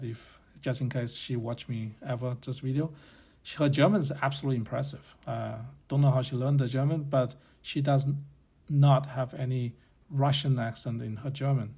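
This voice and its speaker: A man's voice: mid-range voice, fairly even intonation, moderate pace, gravelly, mellow, breathy edge. Blunt man musing aloud. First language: Chinese. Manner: blunt, opinionated, rambling with self-corrections. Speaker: podcast host. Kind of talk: casual opinion monologue.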